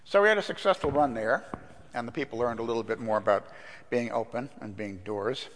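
An older man preaching a sermon in a church, telling a story in a relaxed, conversational way with fillers. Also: medium pitch, brisk, slight background noise. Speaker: pastor. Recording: long reverb in a church hall.

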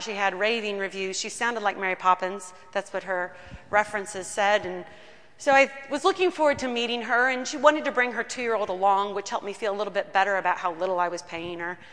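Bright-voiced woman pastor preaching. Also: a little high, big-room sound. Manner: storytelling, personal and earnest. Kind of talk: sermon. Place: church.

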